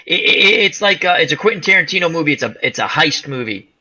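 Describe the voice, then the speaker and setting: A man hosting a casual live chat show, rambling excitedly through movie retellings with frequent laughs. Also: a little high, fast, lo-fi sound. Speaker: livestream chat host.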